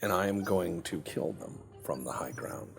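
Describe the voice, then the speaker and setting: Deep-voiced rambling gamer commentating. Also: male voice, expressive, moderate pace, gravelly, music in the background. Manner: rambling, jokey, repeats words. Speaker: game commentator. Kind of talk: casual let's play commentary.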